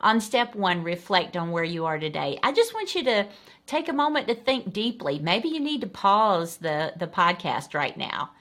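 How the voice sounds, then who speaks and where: A woman hosting a Christian podcast, thanking her co-host and then calmly walking listeners through five steps for renewing the mind. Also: medium pitch, normal speed. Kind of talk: teaching podcast talk.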